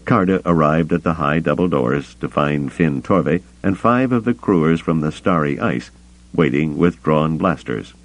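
A man reading an audiobook in steady, deliberate narration. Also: very deep voice, poor audio. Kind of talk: scripted narration.

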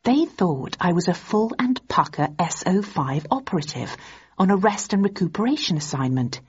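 A woman's voice: fairly low pitch, very animated, normal speed, slightly rough. A woman narrating a novel in the first person, with a dry, wry delivery. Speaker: audiobook narrator. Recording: dull, muffled recording.

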